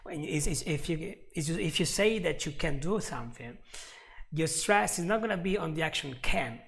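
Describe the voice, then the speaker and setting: A man teaching a live online English lesson, chatty and laughing often, repeating example phrases slowly. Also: on the high side, animated, creaky, fairly bright tone.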